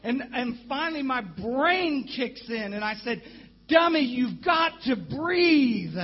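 Man, sermon, animated storyteller, high-pitched, slow-paced, muffled lo-fi sound. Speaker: guest preacher. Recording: dull lo-fi church recording.

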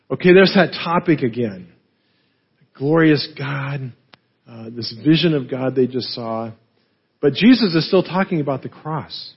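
Husky man teaching a sermon. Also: fairly high pitch, expressive, a little slow, lo-fi sound. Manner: explanatory, frequent "right?" and fillers. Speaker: pastor.

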